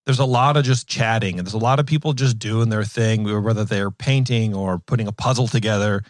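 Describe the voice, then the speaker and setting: A man in his thirties with a fairly low pitch talks a little fast while hosting a podcast, casually chatting and telling animated, rambling stories full of fillers and restarts. The audio is clean studio sound with no echo.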